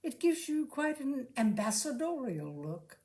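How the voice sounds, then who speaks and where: An earnest, gushing young lady with a slightly raised, bright-sounding voice, as a woman narrator puts her on. She heaps admiration with wide, lively swings in her tone, in a storybook reading. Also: high-pitched, measured pace, voice pushed up. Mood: earnest admiring.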